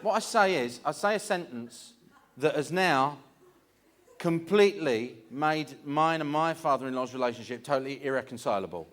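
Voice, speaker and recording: A man's voice: medium pitch, expressive, normal speed, fairly bright tone. A man doing a stand-up comedy story on stage, theatrical and mock-anguished. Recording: live stage recording with audience noise.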